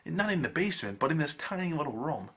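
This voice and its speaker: A man giving a casual video review, animated and emphatic, swearing freely. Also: a little high, fast, breathy edge.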